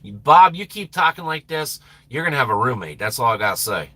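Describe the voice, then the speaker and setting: A Minnesota man hosts a casual live stream chat, rambling loosely, laughing often and trailing off as he loses his train of thought. His bright, slightly husky voice swoops up and down in pitch, very animated and fairly quick.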